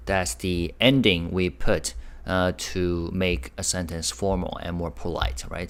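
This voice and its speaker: A man with a deep voice leads a casual online language lesson. He explains patiently, repeats each example and keeps checking in with the viewers. His voice springs upward whenever he stresses a new word. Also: unhurried, a little hiss or hum. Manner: lively, pitch jumps up on key words. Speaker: Korean language teacher.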